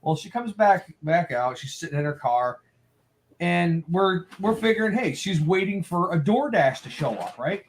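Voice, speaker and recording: A man's voice: high voice, animated, normal speed, a little hiss or hum. A man hosting a casual live talk show, telling a funny story with lots of laughter. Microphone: own mic at home.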